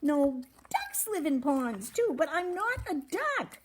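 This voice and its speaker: Cork, a woman playing a squeaky eager muskrat. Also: big pitch swings, slow, full character voice. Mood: delighted. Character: excitable young male muskrat, friendly and eager. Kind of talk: reading a children's storybook aloud.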